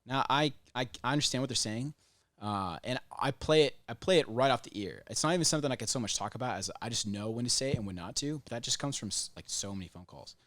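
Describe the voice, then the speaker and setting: A man's voice: mid-range voice, expressive, quick pace, fairly bright tone, no room sound, studio quality. A man appearing as a guest sales expert, speaking confidently and matter-of-factly in casual conversation. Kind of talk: casual chat about sales.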